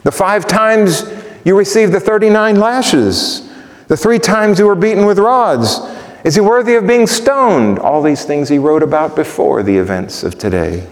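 A man preaching in a church sanctuary, his voice pitched a little high and trailing into a long hall reverb. He presses one rhetorical question after another. His delivery climbs to ringing emphasis, then sinks to near-hushed softness. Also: animated, a little slow. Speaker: pastor. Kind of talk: sermon.

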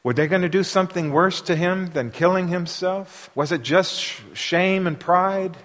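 A man delivering a sermon with a fairly high voice that rings out through a long hall reverb. He poses rhetorical questions to his listeners and swings between hushed asides and loud, forceful passages. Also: normal speed. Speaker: preacher.

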